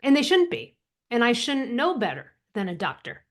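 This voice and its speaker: A woman's voice: fairly high pitch, moderate pace. A woman from the United States, a guest author on a podcast interview, telling stories emphatically and acting out quotes. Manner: emphatic, animated storyteller who acts out quotes. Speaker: guest author and thyroid coach.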